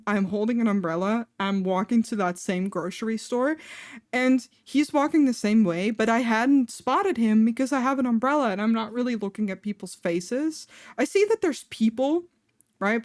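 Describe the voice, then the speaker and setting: A woman's voice: a little high, moderate pace, darkish tone, dry recording, studio quality. A young adult woman streamer telling a personal story in a chatty way, full of fillers and laughing between lines. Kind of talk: casual storytelling on a live stream.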